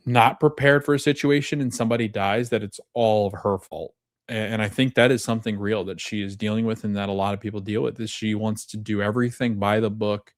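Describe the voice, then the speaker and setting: Male podcast host, relaxed and thoughtful recap delivery, low pitch, dry close mic. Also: no room sound. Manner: casual, thoughtful, acts out quoted lines. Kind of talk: TV episode recap.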